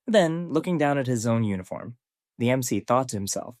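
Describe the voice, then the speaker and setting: A man narrating a scripted story recap in a steady storytelling way. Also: mid-range voice, brisk, no room sound, clean studio sound.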